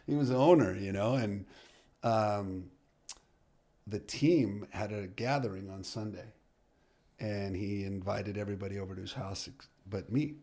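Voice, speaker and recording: Lively storytelling coach, low voice. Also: male voice, a little slow. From United States. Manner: lively storyteller who acts out dialogue, with many fillers and restarts. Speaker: soccer coach, podcast guest. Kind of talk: storytelling in a podcast interview.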